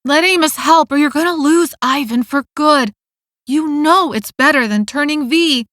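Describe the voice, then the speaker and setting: A woman's voice: sits high, moderate pace, a bit bright, dry recording, voice pushed up. A woman voicing a teenage girl who urgently presses her friend in an audiobook.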